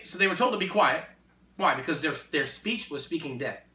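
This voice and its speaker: A man preaching in a conversation, emphatic and repetitive, building to forceful exhortation. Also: on the high side, lively intonation, fairly quick. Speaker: Christian speaker. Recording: echoey room, distant mic.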